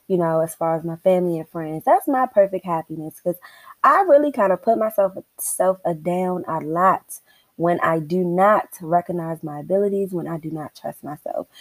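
A young adult woman hosting a podcast, telling a story in a casual, animated and profane way and acting out her own inner dialogue. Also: lowish voice, no echo, rough recording. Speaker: podcast host.

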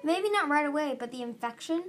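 A woman's voice: high voice, expressive, fairly quick, voice pushed up. A woman voicing an anxious, bookish young male dragon who speaks in a worried, pleading way.

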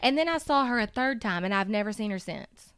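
A woman's voice: medium pitch, lively intonation, fairly quick, fairly bright tone, slight background noise. A woman telling a personal story in casual conversation, candid and emotional, swearing now and then and acting out quotes.

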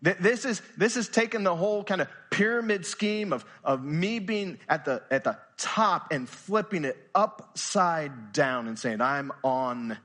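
Earnest pastor with a high voice. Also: male voice, expressive, measured pace, few pauses. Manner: earnest, questioning, often drops to a quiet, intense tone. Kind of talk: sermon. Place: church.

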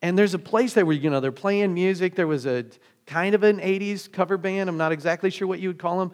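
A man delivering a sermon with a somewhat high-pitched voice. He talks conversationally, piles up rhetorical questions and restarts his phrases as he works through his points. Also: a little fast. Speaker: pastor.

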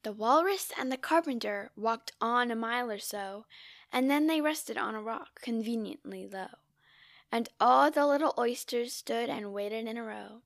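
A woman reciting a classic narrative poem in a measured, theatrical way, now and then dropping to a whisper. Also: a little high, vocal fry, no room sound, clean studio sound. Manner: measured, theatrical reading with sudden drops to a whisper. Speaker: poetry reader. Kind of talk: poetry recitation.

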